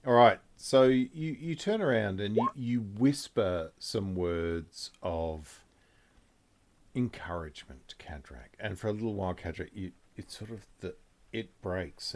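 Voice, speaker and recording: A man narrating as game master in a tabletop game, describing scenes in a slow, rambling way. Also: low voice, vocal fry, a little mellow.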